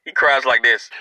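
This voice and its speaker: A man telling a comic story to his viewers in a playful, animated way. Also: mid-range voice, no room sound, poor audio. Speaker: video host.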